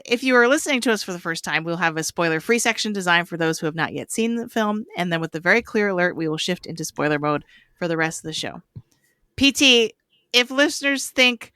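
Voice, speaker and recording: A woman hosting a casual film podcast, upbeat and quick to laugh. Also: fairly low pitch, bright, forceful tone, clear, resonant tone, dry recording, clean studio sound. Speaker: podcast host.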